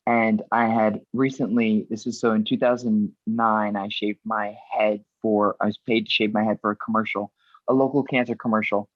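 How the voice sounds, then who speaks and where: Animated middle-aged woman telling stories. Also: a bass voice, no room sound. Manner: animated, rambling storyteller who acts out voices. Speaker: guest actress and producer. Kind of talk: podcast interview. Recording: dull, dry remote recording.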